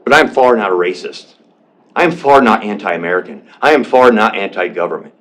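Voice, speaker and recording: A man's voice: lowish voice, expressive, a little fast, fairly bright tone. Emotional man defending himself. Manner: emotional, defensive, repeats and restarts. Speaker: public commenter, veteran and business owner. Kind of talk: public comment at a county board meeting. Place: county board meeting room.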